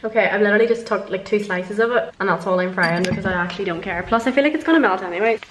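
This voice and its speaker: A woman's voice: mid-range voice, rapid-fire. A young Irish woman vlogging casually while she cooks at home, talking in a chatty, self-mocking way and swearing freely. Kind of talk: casual cooking vlog chat. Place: home kitchen. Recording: echoey kitchen with background noise.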